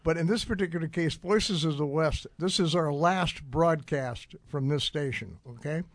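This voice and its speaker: Radio host, male, slightly high voice, dry studio sound, talks in loose rambling asides. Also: normal speed, dry recording. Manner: rambling, frequent uh fillers and restarts. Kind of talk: casual radio talk.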